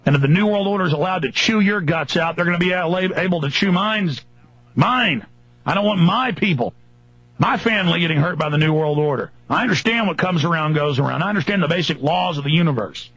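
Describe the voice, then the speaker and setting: Angry radio host guy, raspy voice pitched a bit high, yelling in mocking lists, dull lo-fi broadcast sound. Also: brisk, dry recording. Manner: furious, mocking, emphatic lists. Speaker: radio talk show host. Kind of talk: angry political radio rant.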